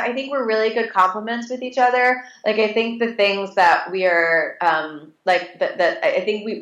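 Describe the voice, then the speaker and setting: A woman's voice: mid-range voice, fairly bright tone. A woman in her late thirties, an interview guest telling stories casually and animatedly, with many restarts and fillers. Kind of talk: casual conversational storytelling. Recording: echoey room.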